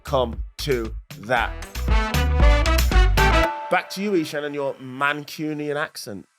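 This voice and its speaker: A man's voice: fairly high pitch, takes it slowly, loud music behind the voice. A British man in his thirties co-hosting a casual comedy podcast, playful, laughing often and poking fun at himself. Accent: British English.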